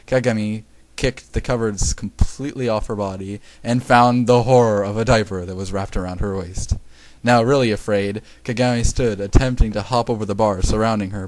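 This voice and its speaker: A man's voice: on the low side, a little mellow, no echo, rough recording. A young man reading a story aloud as an amateur, stumbling over words and breaking off for laughing, swearing asides. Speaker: amateur reader.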